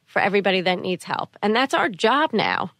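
A middle-aged woman talks as a podcast guest, soft-spoken and earnest. She repeats her key phrases for weight, at a middling pitch. The recording is dry and close. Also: big pitch swings, fairly quick, dry recording. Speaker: guest, mother of a sick child. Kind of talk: interview conversation.

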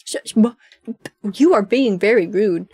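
A woman voicing a gentle young sea-witch girl who speaks earnestly and pleads. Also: mid-range voice, a little slow, husky, dry recording.

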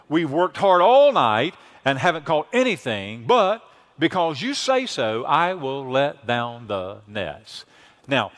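Male pastor, high and very animated delivery, folksy sermon voice that climbs to fervent exhortation. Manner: animated, building to shouted exhortation; folksy paraphrase with playful sarcasm. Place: church sanctuary.

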